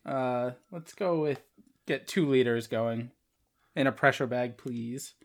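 A man's voice: mid-range voice, slow. A man, a doctor, working methodically through a mock exam case on a podcast with wry asides. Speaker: doctor taking a mock oral boards case.

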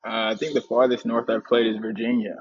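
A male ballplayer from the Atlanta area with a mid-range voice, talking in a relaxed and hesitant way and filling gaps with "like". The recording sounds a little muffled and dull. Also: mid-range voice, brisk, crowd noise. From Atlanta area, USA. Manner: relaxed, hesitant, says "like" often. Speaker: minor league pitcher. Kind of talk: casual interview.

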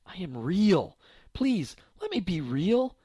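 A man's voice: high-pitched, sing-song, takes it slowly, warm tone, slightly rough, no echo, full character voice. A frightened teenage Mary pleads to be seen as real, her voice catching and breaking as she begs to be heard, as a man reads her lines in a storybook telling. The delivery rises and falls with feeling. The sound is dry and close. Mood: pleading.

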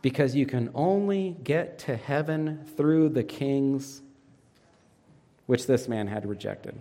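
A man delivers a sermon in a voice a little higher than most men's. He quizzes his congregation with fill-in questions and swings sharply in pitch and loudness. His voice trails off into the long reverb of a large hall. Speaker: pastor.

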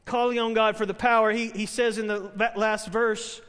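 A man's voice: sits high, level tone, normal speed, fairly bright tone, in a large hall. A man preaching a sermon, telling stories earnestly and building to emphatic proclamations. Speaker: pastor.

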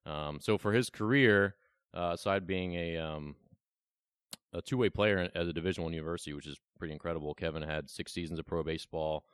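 A man's voice: low-pitched, clean tone, no room sound, clean studio sound. A young man hosting a casual podcast interview, teasing his guest with joking banter. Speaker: podcast host. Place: Bloomington, Illinois, remote call.

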